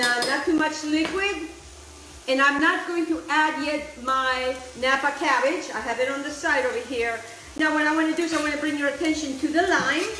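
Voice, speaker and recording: A chatty woman walks her viewers through a recipe with real enthusiasm and slips Italian phrases in as she goes. Her voice sits high, and it carries a roomy echo over faint background noise. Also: a bit bright. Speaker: cooking show host. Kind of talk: casual cooking demonstration. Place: outdoor kitchen, windy.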